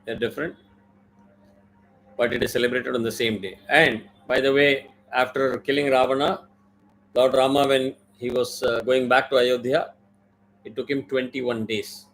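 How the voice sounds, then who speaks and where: A man's voice: medium pitch, level tone, normal speed, a bit bright, rough recording. A man teaching a mantra in an online class, with careful pronunciation drills and many fillers. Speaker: Vedic chanting teacher.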